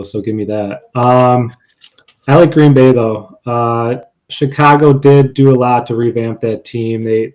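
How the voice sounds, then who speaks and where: A man's voice: medium pitch, darkish tone. Confident male sports podcast co-host. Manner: confident, lists stats, wry asides. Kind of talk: casual sports betting chat.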